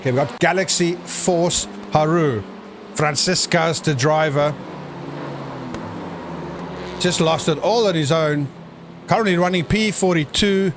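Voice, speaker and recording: Man, live sim race commentary, jokey, excitable, high pitched, noisy mix. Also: unhurried, pauses often. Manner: excitable, jokey, bursts into shouts at crashes.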